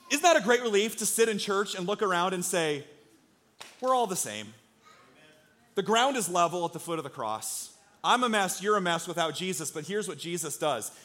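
A man's voice: on the high side, fairly bright tone. A man preaching a sermon to his congregation in a church, earnest and conversational, with rhetorical questions to the crowd. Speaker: pastor. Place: church sanctuary.

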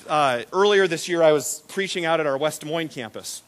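High-voiced pastor preaching animatedly. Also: male voice, a little fast. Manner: animated storytelling, acts out quoted voices; repeats words and restarts when excited. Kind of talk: sermon.

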